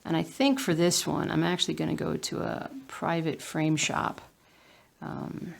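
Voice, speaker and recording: A woman's voice: low voice, level tone, unhurried, vocal fry. A woman with a Southern US accent chatting casually while she stitches at home, muttering to herself and sometimes dropping into a whisper. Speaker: cross-stitch vlogger.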